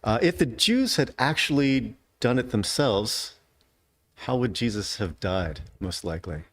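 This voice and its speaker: A man's voice: medium pitch, animated, a little slow, dry recording. A man teaching an adult Sunday school class in a conversational way, often checking in with his listeners with a rhetorical question. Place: church classroom.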